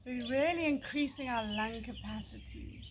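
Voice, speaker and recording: A woman yoga teacher giving slow, calm, soothing breathing instructions with pauses. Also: fairly high pitch. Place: outdoors by a country lane. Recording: outdoor noise with birdsong. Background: birdsong.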